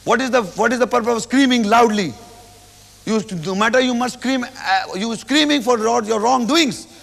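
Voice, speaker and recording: A man giving a slow, verse-by-verse religious explanation, often repeating phrases and acting out quoted words. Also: very high-pitched, vocal fry, fairly bright tone, big-room sound. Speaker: Quran teacher.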